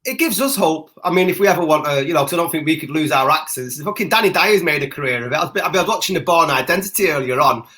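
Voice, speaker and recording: Man, podcast co-host, higher voice, bright tone, jokey banter. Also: lively intonation, fast talker, hardly any pauses. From Britain. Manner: jokey banter, laughs often. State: parent. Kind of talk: casual chat.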